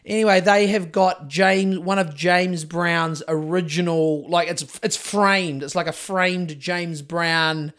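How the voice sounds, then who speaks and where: A man's voice: fairly high pitch, steady tone, slow, hardly any pauses, fairly bright tone. A man with a New Zealand accent, co-hosting a podcast in casual chat, rambling and swearing freely as he tells stories. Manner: profane, rambling storyteller. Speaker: podcast co-host.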